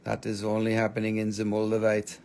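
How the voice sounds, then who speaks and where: A man's voice: fairly low pitch, monotone, brisk, gravelly, a little mellow. A man selling stones on a live shop stream, in joking patter with playful broken English. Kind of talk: live sales pitch.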